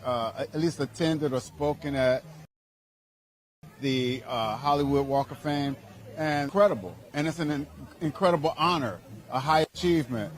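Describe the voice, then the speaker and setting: Earnest man, slightly high voice. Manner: earnest, enthusiastic, with fillers like "you know". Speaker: interview guest. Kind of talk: conversational interview.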